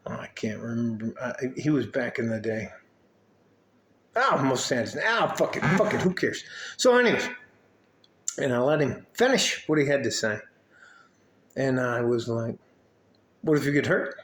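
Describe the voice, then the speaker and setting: A man's voice: mid-range voice, big pitch swings, moderate pace, pauses often, fairly bright tone. Older guy coaching young men, rambly and swears a lot, kinda fatherly, roomy echo. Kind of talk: casual vlog talk to camera.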